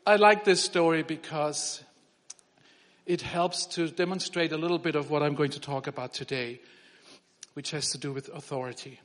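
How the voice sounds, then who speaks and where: A man with a high voice preaches a light, conversational sermon. He often circles back and restarts his phrases. His voice rings out with a long reverb through a big hall. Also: fairly even intonation, normal speed, fairly bright tone. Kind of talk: sermon with humor.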